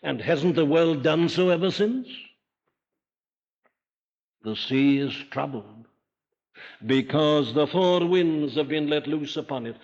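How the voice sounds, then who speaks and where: Older preacher, dull archival recording. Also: male voice, a little high, animated, slow pace, pauses often. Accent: Welsh. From Wales. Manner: emphatic, rhetorical questions, rising to forceful declarations. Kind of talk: sermon.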